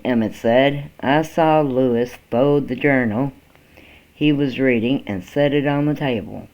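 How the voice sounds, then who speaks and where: A man reading a first-person story aloud in a slow, halting way, with small restarts, on a dull lo-fi recording. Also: mid-range voice, darkish tone. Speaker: amateur story reader.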